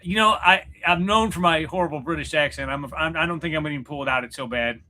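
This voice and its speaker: A man talks to his livestream viewers in a loose, wandering way, often joking about himself. His voice sits a little high and sounds bright and forward. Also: fast, slight background noise. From Missouri, USA. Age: 40s. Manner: rambling, self-deprecating, joking. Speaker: livestream host chatting with viewers. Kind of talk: casual livestream chat. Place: room at home, in front of a mirror.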